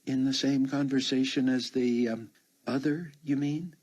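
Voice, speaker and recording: A man's voice: medium pitch, steady tone, unhurried, a little mellow, pitched above the performer's own voice, natural voice. A man voicing a hurt, guarded grown woman in conversation. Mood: wary.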